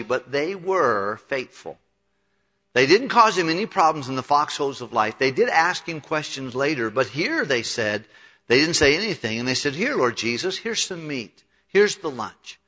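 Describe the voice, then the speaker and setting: A man's voice: on the high side, sing-song, moderate pace, bright, forceful tone. A male pastor preaching a sermon, retelling scripture with conversational acted-out dialogue. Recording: long hall reverb.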